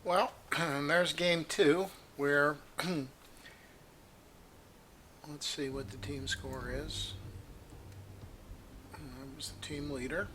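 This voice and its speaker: A man's voice: fairly high pitch, fairly even intonation, drawn-out words, pauses often, a crowd in the background. A man giving casual, rambling gameplay commentary, opinionated and full of fillers and restarts, with the hiccups. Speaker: gaming video creator.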